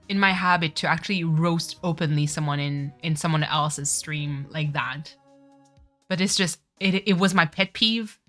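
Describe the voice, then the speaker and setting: A woman's voice: on the low side, sharp tone. A woman streamer, chatting casually over a game, giggling and correcting herself often. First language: French. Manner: giggly, apologetic, self-correcting. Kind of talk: casual let's-play commentary.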